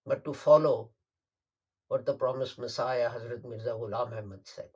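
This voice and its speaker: A man delivering a Friday sermon, emphatic and deliberate, repeating phrases for stress. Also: mid-range voice, fairly even intonation, darkish tone, breathy edge, dull audio. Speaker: preacher.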